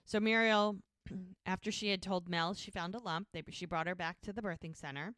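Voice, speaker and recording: Woman, podcast co-host, casual recap, smooth, lowish, dry sound. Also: fairly even intonation, normal speed, fairly bright tone, no echo. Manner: retells scenes by quoting characters.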